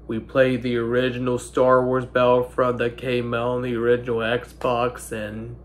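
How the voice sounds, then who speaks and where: A young man in his twenties, speaking in halting, broken sentences while holding back tears, his nose stuffy. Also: medium pitch, monotone, slight background noise. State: stuffy-nosed. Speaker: vlogger. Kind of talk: emotional personal monologue.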